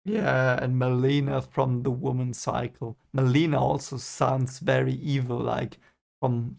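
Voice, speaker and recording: A man from Germany with a gravelly, creaky voice, reacting to a book as he reads it. He talks in an emotional, rambling way, swearing and then apologizing. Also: medium pitch, a little mellow. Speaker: channel host reading a book aloud. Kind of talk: first-time reading reaction.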